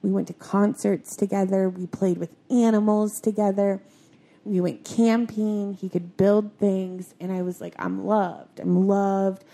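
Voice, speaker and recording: A young adult woman talking in a halting, soft-spoken way, her sentences full of filler words, in a confessional conversation. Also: medium pitch, fairly even intonation.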